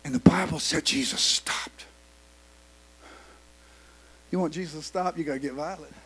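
A man preaching a fiery sermon who swings from shouts to hushed whispers and says "uh" often. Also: on the high side, normal speed, slightly rough.

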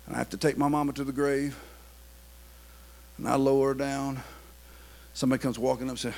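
A man preaching a sermon, swinging between quiet, confiding talk and loud, shouted preaching. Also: medium pitch, flat delivery, brisk, creaky, pauses often.

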